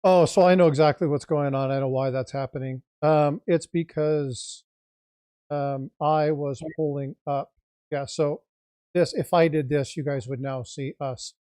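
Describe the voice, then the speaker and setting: A woman's voice: low voice, fairly even intonation, unhurried, warm tone, no echo. A woman hosting a casual livestream over a video call, explaining what is on her screen. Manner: explanatory, talks through screen sharing. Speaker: livestream host.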